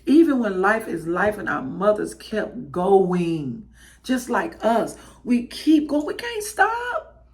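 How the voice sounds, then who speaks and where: A woman's voice: medium pitch, big pitch swings, slow, a little mellow. A tearful woman, hosting a podcast and reflecting in an emotional, testifying way. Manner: emotional, testifying, addresses listeners as y'all. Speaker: podcast host. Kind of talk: heartfelt spoken reflection.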